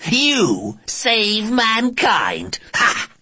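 A man voicing a menacing, contemptuous male alien warrior in an audiobook, with a slow, sneering, drawn-out delivery. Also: sits high, huge pitch swings, pushed and bright, husky, no room sound, voice pushed up, full character voice. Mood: taunting. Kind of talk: audiobook character voice.

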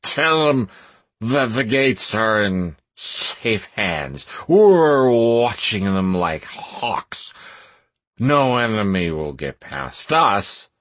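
A man voicing a drunken, self-important village guard who mumbles slowly in an audiobook. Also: fairly low pitch, animated, a bit bright, dry recording, heavily acted. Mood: drunkenly proud.

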